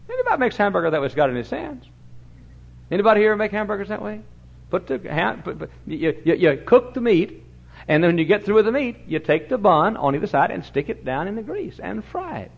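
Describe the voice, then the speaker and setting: An older man preaching a sermon in a church, telling stories and swinging from booming shouts to low, quiet asides. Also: big pitch swings, brisk, gravelly. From Texas. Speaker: pastor. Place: church sanctuary. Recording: dull lo-fi recording.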